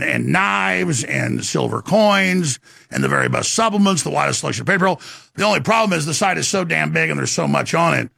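A man hosting a talk show, delivering an emphatic rant and sales pitch with sudden swings in pitch. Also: vocal fry, sharp tone, no echo, clean studio sound.

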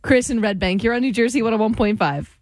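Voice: medium pitch, fast talker, dry recording. A radio host bantering with co-hosts and taking calls. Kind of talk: radio talk show chat.

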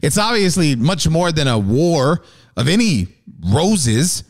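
A man's voice: a little high, big pitch swings, takes it slowly. A man hosting a comedic radio bit, playful and hyped like a showman. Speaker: radio host.

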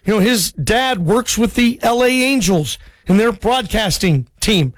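High-voiced chatty male radio host. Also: animated, measured pace, no room sound. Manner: friendly, chatty, asks eager questions. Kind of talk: call-in radio hosting.

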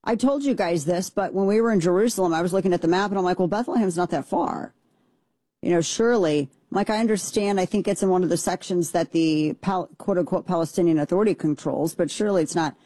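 Brief: lower-voiced woman, mellow tone, forceful opinion talk, dry close recording. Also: fast, no echo. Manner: emphatic, blunt, rambling with restarts. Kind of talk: opinionated monologue.

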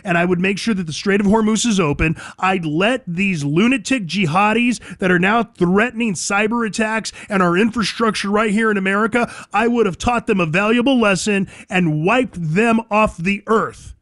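A man's voice: high voice, moderate pace, few pauses, fairly bright tone, no echo. A man hosting a call-in radio show, talking emphatically and combatively and addressing listeners directly from a studio mic. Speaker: radio talk show host. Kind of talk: call-in talk radio monologue.

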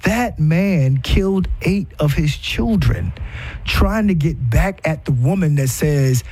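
A man's voice: on the high side, expressive, slow pace, a little mellow, husky, faint music behind. A middle-aged man giving relationship advice in an impassioned, preaching style, repeating himself for emphasis and asking rhetorical questions.

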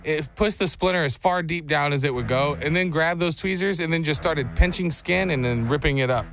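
A man's voice: a little high, fairly quick. A man in his thirties telling a story in casual chat as a show co-host, acting out the voices. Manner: animated, acts out voices in his stories.

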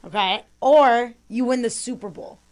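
A woman's voice: a little high, measured pace. A young woman co-hosting a local sports radio show, teasing and giggling through casual banter.

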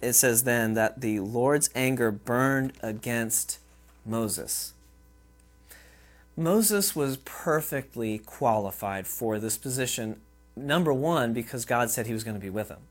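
A man's voice: mid-range voice, slow, faint music behind. A man preaching a sermon in a conversational way, often checking in with the listeners. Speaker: pastor.

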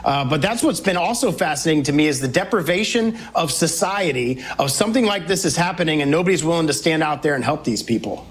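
A man serving as a congressman, a guest on an interview show. His voice sits a bit higher than most men's. He speaks in an emphatic, talking-point style. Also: expressive, fast talker, hardly any pauses.

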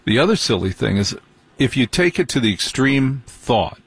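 Male radio host, husky and dry-sounding, musing out loud with slow, speculative talk. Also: mid-range voice, sing-song, no room sound.

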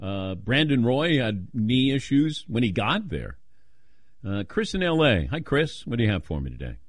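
A man hosting a sports call-in radio show, self-deprecating and quick to laugh. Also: medium pitch, sing-song, no echo, studio quality.

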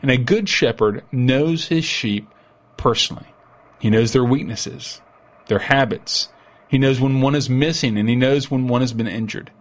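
Pastor guy doing a radio sermon, earnest and steady, mid pitch. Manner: earnest, measured preaching with slow emphatic quotes. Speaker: associate pastor.

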